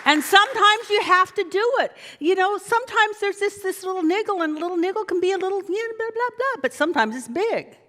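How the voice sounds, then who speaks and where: A woman minister delivers a sermon in a high, bright voice that swoops up and down with enthusiasm. She coaxes her listeners to repeat lines back to her. Her voice rings out with a long reverb in a large hall. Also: fairly quick, hardly any pauses, some chatter behind. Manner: animated, coaxing the congregation to repeat after her.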